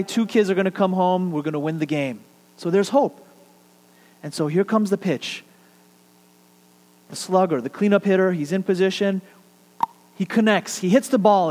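A man with a high, bright voice preaches a sermon in a big church hall, and his words ring out with a long reverb. He tells stories with animated build-ups, then drops to a hushed, quiet voice to make his point. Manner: animated storytelling, dropping to quiet for emphasis. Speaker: pastor.

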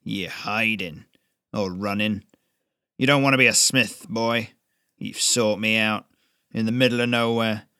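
A man doing a gruff, rasping old blacksmith. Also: fairly low pitch, fairly even intonation, unhurried, pushed and bright, no echo, clean studio sound. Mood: stern. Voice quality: rasping, growling. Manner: clipped, curt commands. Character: gruff old male blacksmith, stern and blunt.

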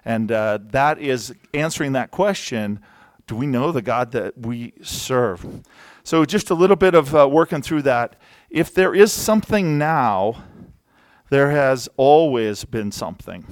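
A man preaching to his congregation in a relaxed, chatty way, tossing in jokes as he goes. His voice sits at an everyday middle pitch. The sound is dry and close, with no room echo. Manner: casual, conversational, jokey asides. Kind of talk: sermon. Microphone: handheld or worn mic.

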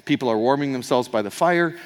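A pastor with a mid-range voice preaches fast, retelling the story in an easy, conversational manner. He acts out the quoted lines and adds little asides, his words lingering in a long hall reverb like a church sanctuary.

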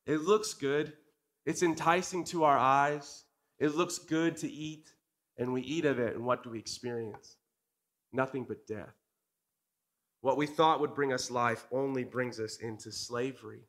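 With a medium-pitched, slightly bright voice and a moderate pace, this man in his thirties preaches part-time. His sermon is earnest and conversational, and he often asks the congregation questions.

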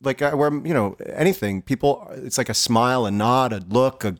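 A man's voice: medium pitch, a little fast. Laid back guy co-hosting a podcast, kinda rambly, lots of ums. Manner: easygoing, rambling with fillers. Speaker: podcast co-host. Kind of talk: casual podcast chat.

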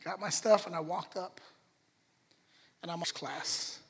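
High, bright, husky-voiced preacher in a hall. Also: male voice, measured pace. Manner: animated, acts out voices in dialogue. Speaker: pastor. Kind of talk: storytelling sermon. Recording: long reverb of a large hall.

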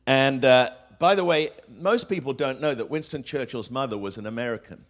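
A man's voice: medium pitch, fairly quick. A man preaching a sermon to a congregation, asking rhetorical questions and weaving in quotes, with frequent fillers and restarts. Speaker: pastor.

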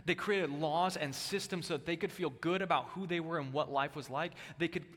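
A male pastor preaching a sermon, with emphatic stress that swings between loud bursts and hushed, low lines. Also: brisk. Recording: long hall reverb.

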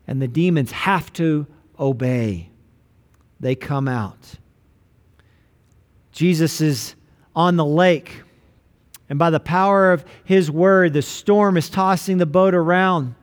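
A pastor delivering a sermon in a fairly high male voice. He preaches with emphasis, drawing out his most important lines.

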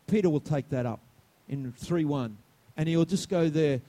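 A male senior pastor giving a sermon, animated, swinging from loud outbursts to quiet asides and asking the congregation questions. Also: fairly high pitch, normal speed.

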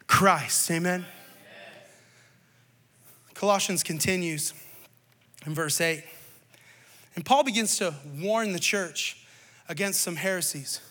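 A male pastor in his thirties preaching a sermon, moving from storytelling to loud, rising exhortation. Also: high voice, unhurried, pauses often. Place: church stage.

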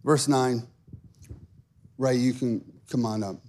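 A man's voice: medium pitch, steady tone, takes it slowly, darkish tone. A man in his thirties preaching a sermon, telling stories with lots of fillers and building to emphatic calls. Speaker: pastor.

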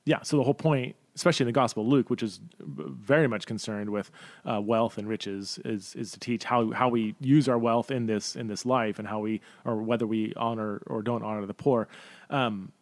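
A man's voice: mid-range voice, fairly even intonation, moderate pace, gravelly, dry recording. A man hosting a Q&A podcast, thinking aloud with lots of fillers and restarts and stumbling over words. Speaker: podcast host. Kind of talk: casual Q&A podcast talk.

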